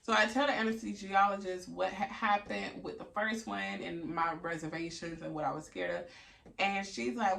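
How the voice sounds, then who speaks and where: A young woman, casually and candidly telling a story to her viewers, with frank, profane, animated quoted reactions. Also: medium pitch, normal speed, creaky, recorded from a distance. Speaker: vlogger.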